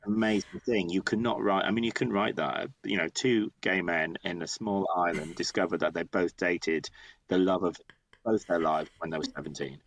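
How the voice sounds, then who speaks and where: A man of about fifty, speaking in a very deep register. He tells his story casually and with lively energy, often restarting his sentences. He sounds like a guest sharing an anecdote in an interview. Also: normal speed, slight background noise. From northeast England. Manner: animated, chatty, many restarts. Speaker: guest playwright.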